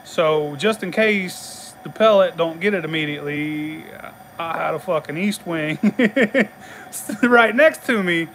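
A rambling middle-aged man with a drawl tells a story full of cussing and short laughs. His voice sits a touch high for a man. A faint hum runs behind him. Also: unhurried, a bit bright. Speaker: channel host. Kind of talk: casual storytelling chat.

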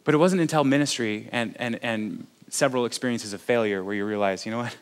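A man's voice: medium pitch, fairly quick. A man, a pastor preaching a sermon in a conversational, self-deprecating, joking way.

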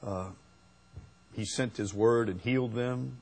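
Slow, husky-voiced male preacher. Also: medium pitch. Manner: slow, unhurried preaching that rises to emphatic peaks. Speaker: pastor. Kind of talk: sermon.

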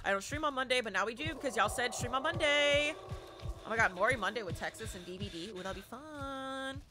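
A woman chatting casually and excitedly on a live gaming stream, talking back to the game and thanking viewers. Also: on the high side, brisk, over music.

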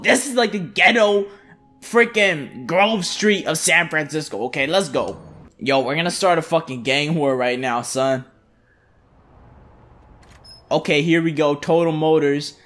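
A young man commenting on his own gameplay in loose slang, excitable and swearing constantly. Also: a little high. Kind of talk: casual let's-play commentary.

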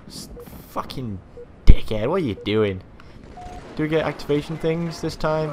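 A young man commentating his own gameplay, swearing freely, yelling at other players and boasting in jest. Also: a little high, lively intonation, unhurried, a little hiss or hum. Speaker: gaming channel host.

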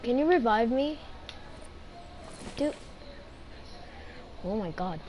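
A woman chatting casually while playing an online game with a teammate, excitable and often pleading or shouting. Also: fairly high pitch, slow. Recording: noisy game audio behind.

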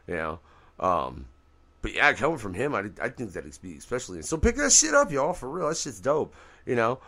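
A man hosting a casual podcast radio show, talking loosely and swearing freely, his voice leaping up when he gets excited. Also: low-pitched. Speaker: podcast host. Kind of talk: casual profane radio chat.

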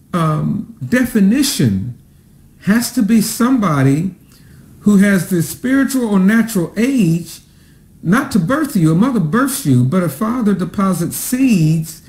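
Man, pastor, high voice, slow emphatic preaching, echoey room. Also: darkish tone. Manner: greets online viewers by name. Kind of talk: sermon.

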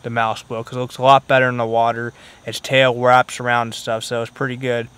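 A man talks casually to his viewers while fishing outside by a pond, easygoing and chatty, with a middle-pitched voice. His delivery is loose, full of ums and uhs. Faint music and crickets sit behind him. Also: little pitch movement, brisk, a bit bright, clear, resonant tone. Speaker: fishing vlogger. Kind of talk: casual vlog talk to viewers. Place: outdoors by a pond.

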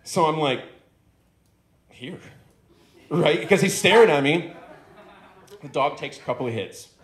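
A man's voice: fairly high pitch, lively intonation, normal speed. Profane man telling stand-up stories. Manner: rambling, profane, conversational. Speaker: stand-up comedian. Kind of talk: stand-up comedy storytelling. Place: comedy club stage. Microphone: handheld stage microphone. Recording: echoey club room.

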